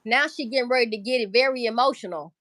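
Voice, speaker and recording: A woman's voice: a little high, fast talker, fairly bright tone, no room sound. A woman commenting on clips in a casual, emphatic way, repeating her points and swearing freely.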